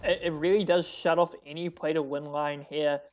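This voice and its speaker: An esports co-caster calling a live card game match, excitable and quick to laugh, often restarting mid-sentence. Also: mid-range voice.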